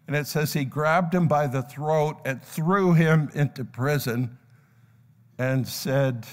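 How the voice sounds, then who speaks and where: In a reverberant church sanctuary before a live congregation, an older pastor speaks slowly in a voice on the high side. He tells a parable as part of his sermon, giving its characters their own voices.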